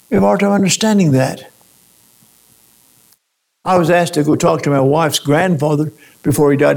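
A man's voice: a little high, gravelly, a little mellow. A man preaching a sermon, posing rhetorical questions and often restarting his phrases. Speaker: pastor.

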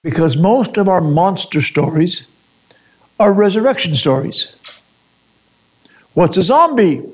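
A man's voice: a little high, breathy edge. A man preaching a sermon, posing rhetorical questions and often restarting his phrases. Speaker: pastor.

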